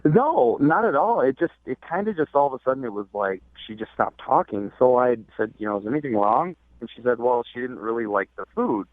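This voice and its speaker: A man's voice: mid-range voice, animated, fairly quick, few pauses, no room sound. A young adult man calling in to a radio show, telling a dating story in a hesitant, rambling way full of fillers. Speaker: caller. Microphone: telephone. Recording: tinny dry phone line.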